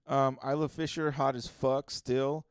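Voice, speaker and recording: A man's voice: medium pitch, little pitch movement, measured pace, clean tone, no echo, clean studio sound. A man co-hosting a podcast in loose casual chat, rambling with many restarts and swearing freely. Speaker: podcast co-host.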